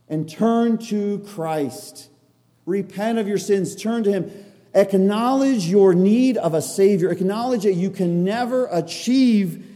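Long hall reverb surrounds a man preaching with a warm, high voice. His expository sermon is emphatic and earnest, and he keeps repeating his points to press them in.

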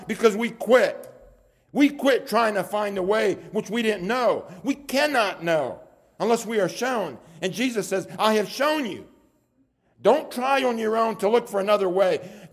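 A man with a high voice preaches a sermon. He speaks earnestly and often repeats words as he builds toward a point.

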